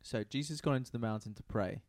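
A man, casually retelling a Bible story in a deadpan, joking way. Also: medium pitch, fast, no echo, clean studio sound. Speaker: podcast co-host retelling Bible stories. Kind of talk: casual comedic chat.

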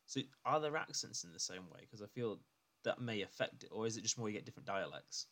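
A man's voice: on the low side, expressive, fast, a bit bright. A young man on a podcast reading out facts and asking curious questions in a casual chat. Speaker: podcast co-host.

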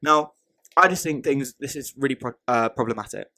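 A man's voice: medium pitch, fairly quick, pushed and bright. A man co-hosting a podcast in casual chat, thinking aloud, repeating words and often checking "right?". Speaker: podcast co-host.

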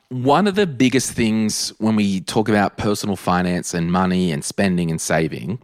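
Australian man, deep low voice, dry close sound, casual podcast host, emphatic and chatty. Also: no room sound. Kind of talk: casual solo podcast talk.

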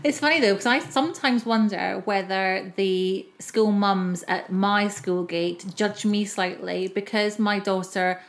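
A woman's voice: mid-range voice, steady tone, a little slow, few pauses. A woman, a mother, hosting a casual podcast chat and asking thoughtful, reflective questions.

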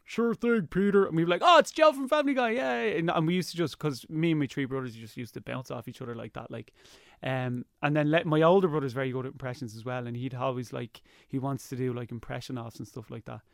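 On a studio-quality recording with no room sound, a man chats casually as a radio guest in a fast, gravelly, medium-pitched voice. He's jokey and keeps slipping into cartoon voices.

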